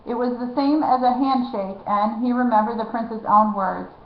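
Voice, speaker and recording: Woman narrator, lively storybook reading, lo-fi dull recording. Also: fairly high pitch, normal speed. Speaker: reader. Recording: echoey, dull lo-fi room.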